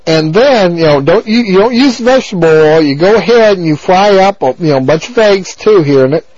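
A man on a dull, lo-fi radio broadcast, his voice sitting a bit high for a man. He rambles on in a crude, abrasive way, looping back on the same filler phrases. The mic is close and dry. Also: lively intonation, fairly quick, a little mellow, dry recording. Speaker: talk radio host. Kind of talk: rambling on-air monologue.

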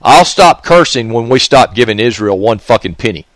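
A man's voice: medium pitch, expressive, normal speed, hardly any pauses, fairly bright tone, dry recording. A man, hosting his own radio show in a profane, sneering, ranting monologue. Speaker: radio host.

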